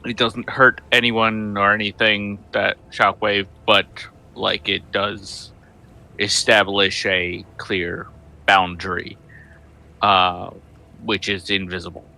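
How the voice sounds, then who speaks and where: A man's voice: on the low side, flat delivery, slow pace, gravelly, bright, forceful tone, low-quality recording. A man playing a tabletop game, describing his character's actions in a rambling, hesitant way. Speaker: player.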